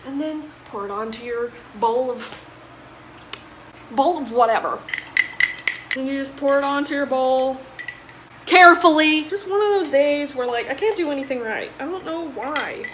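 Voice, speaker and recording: A young college student films a casual cooking vlog, her high-pitched voice at a moderate pace with frequent pauses. Chatty and self-deprecating, she often gets exasperated at her own mishaps, in an echoey room where dishes clatter amid the background noise.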